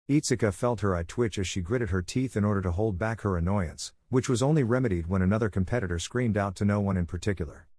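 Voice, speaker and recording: A man narrating a fan fiction audiobook in a steady storytelling manner. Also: lowish voice, fast talker, hardly any pauses, no echo, clean studio sound.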